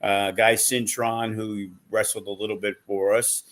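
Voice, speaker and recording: Blunt low-voiced man, rambling talk. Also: level tone, unhurried. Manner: blunt, profane, rambling with many fillers. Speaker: wrestling promoter. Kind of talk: casual podcast chat.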